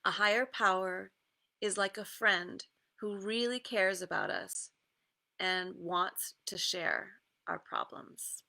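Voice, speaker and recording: A woman coach giving a casual guided meditation talk, easygoing, with many pauses and fillers and some reading aloud. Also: on the low side, big pitch swings, gravelly, pushed and bright. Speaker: creative success coach.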